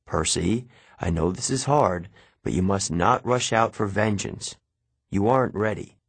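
A man voicing an older male centaur teacher, measured and gentle, in an audiobook. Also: low voice, vocal fry, slightly rough, dry recording, heavily acted.

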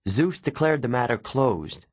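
A man's voice: mid-range voice, animated, unhurried, breathy edge, voice pushed up. A man voicing a defiant, impatient young boy in an audiobook, urgent.

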